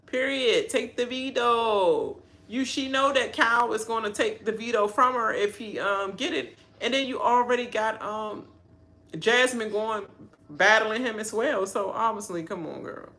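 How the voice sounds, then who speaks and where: A woman's voice: on the high side, normal speed. A woman hosting a live reaction video, ranting and laughing about a reality show as it plays. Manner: animated, laughs often, mimics people.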